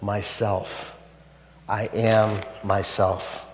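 A man voicing a great, gentle lion who speaks low and reassuringly. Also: fairly quick, slight background noise, lightly acted. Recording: echoey hall.

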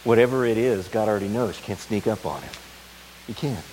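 A man pastor preaching a sermon, dramatic, swinging from loud urgency to a soft tender hush. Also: lowish voice, animated, a little fast, slight background noise, low-quality recording.

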